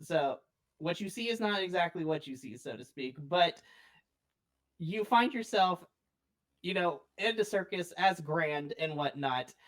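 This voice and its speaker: A woman with a slightly low voice narrates a tabletop adventure as game master. She is playful and giggly and often laughs as she goes. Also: lively intonation, unhurried. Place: live stream.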